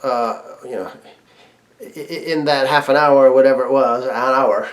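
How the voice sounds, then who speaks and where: A man's voice: mid-range voice, fairly even intonation, normal speed. A man casually telling a personal story, laughing often and restarting his sentences. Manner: chatty, laughs often, frequent restarts and fillers. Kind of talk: casual anecdote.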